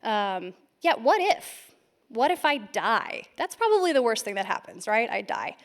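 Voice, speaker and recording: Woman, conference speaker, a little high-pitched, shaky with stage nerves, self-deprecating storyteller. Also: big pitch swings, a little slow. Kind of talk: lightning talk.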